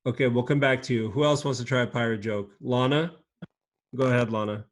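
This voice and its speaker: Male teacher on a video call, patient and encouraging with kids, mid-pitched. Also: steady tone. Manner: patient, encouraging, speaks slowly and clearly to kids. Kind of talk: teaching a children's class online.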